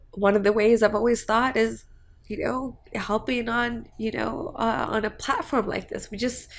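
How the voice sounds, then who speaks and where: A woman's voice: on the high side, creaky, a little hiss or hum. A woman vlogging about her family and hopes, rambling and heartfelt with many fillers. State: tearful at times. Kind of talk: emotional personal vlog.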